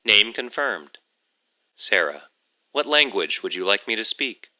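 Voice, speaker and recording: A man's voice: lowish voice, expressive, unhurried, sharp tone, exaggerated voice. A man voicing a male AI phone companion who speaks politely and formally.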